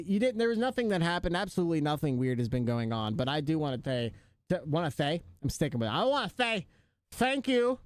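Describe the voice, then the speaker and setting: A man's voice: high voice, no echo. A man live streaming, chatting casually and joking with his viewers, laughing often.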